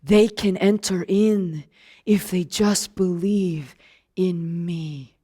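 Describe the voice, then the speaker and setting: A woman voicing the risen Jesus as a gentle, calm man, speaking slowly and softly. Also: fairly low pitch, breathy edge, pitched below the performer's own voice, full character voice. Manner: slow, soft, solemn.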